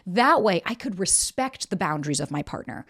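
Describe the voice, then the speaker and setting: A woman's voice: on the low side, animated, moderate pace, a bit bright, breathy edge. A woman in her thirties hosting a podcast, giving candid relationship advice in a blunt, emphatic way with casual swearing. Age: 30s. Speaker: podcast host.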